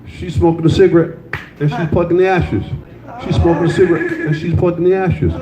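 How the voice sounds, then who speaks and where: A man's voice: a little high, little pitch movement, fairly quick, noisy background. An older man performing a loose, crude stand-up set, telling stories and teasing the audience in a comedy club. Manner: loose, crude storytelling with crowd banter. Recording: slightly dull, roomy live club sound.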